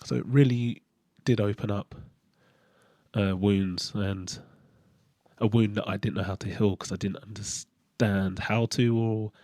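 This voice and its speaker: A man hosting his own channel, talking through a candid personal monologue in a halting way, often restarting as he searches for words. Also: fairly low pitch, steady tone, dark tone, no echo, studio quality. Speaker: channel host.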